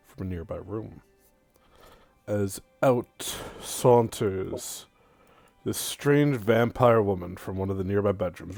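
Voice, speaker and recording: A man narrating a tabletop role-playing game as game master, in a deliberate storytelling manner. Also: lowish voice, gravelly, a little mellow, no room sound.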